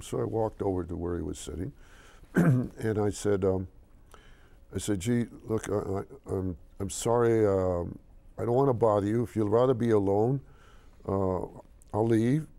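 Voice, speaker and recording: A man's voice: lowish voice, creaky, warm tone. An older man telling a story as an interview guest, hesitant and full of restarts, who acts out the voices of the people in it. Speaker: interview guest, company chairman.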